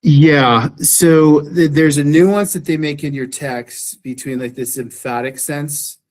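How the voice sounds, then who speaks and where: A man's voice: fairly high pitch, fairly even intonation, slow. A man teaching a beginning Greek class, explaining patiently and often repeating phrases and asking "right?". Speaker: Greek instructor. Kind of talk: classroom lecture.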